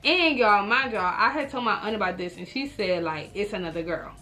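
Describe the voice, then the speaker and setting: A young adult woman telling a personal story to her viewers in a casual vlog, animated and talking straight to them, acting out her own reactions. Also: medium pitch, a little fast.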